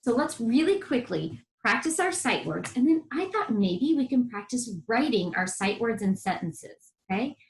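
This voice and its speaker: On a televised lesson, a woman teaches first graders, encouraging them and sounding out letters in a sing-song way. Her voice is a little high with big swings in pitch, and she speaks at a normal speed with few pauses. The recording has a roomy echo.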